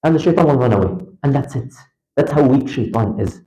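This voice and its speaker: A man teaching a religious lecture to a class in a mosque, talking to listeners directly and telling lively examples with big swings in his voice. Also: a little fast, rough recording. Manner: animated, emphatic storytelling with wide pitch swings; conversational, addresses listeners directly. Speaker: Islamic lecturer. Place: mosque lecture hall, indoors.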